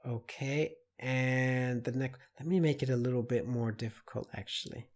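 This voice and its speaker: A man teaching an online English lesson, explaining slowly and deliberately with many spoken examples. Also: medium pitch, steady tone, a little mellow.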